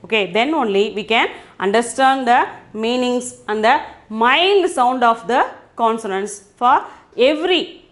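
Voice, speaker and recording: A woman gives a patient language lesson in a high voice. She talks slowly, breaks words into syllables and says most sentences twice. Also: lively intonation, a bit bright. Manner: repeats phrases often, slow and deliberate, spells out syllables. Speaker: Hindi teacher.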